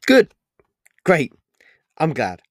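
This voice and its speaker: A man voicing a gruff, sarcastic bar regular who speaks bluntly and loudly. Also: on the high side, wildly swooping pitch, very slow, no echo, studio quality, voice pushed up, full character voice. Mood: grudging. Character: gruff whiskey-drinking male bar regular.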